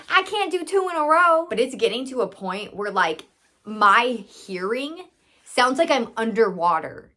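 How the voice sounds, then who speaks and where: Young woman, higher voice, chatty storytime vlogger who acts out her own thoughts and quotes. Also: fairly bright tone. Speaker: storytime vlogger, massage business owner. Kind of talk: casual storytime.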